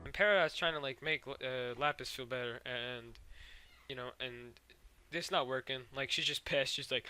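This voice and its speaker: A man's voice: mid-range voice, moderate pace, bright, forceful tone, faint music behind. A man recapping cartoon episodes in a rambling, profane way, full of fillers and sound effects. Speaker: show recapper.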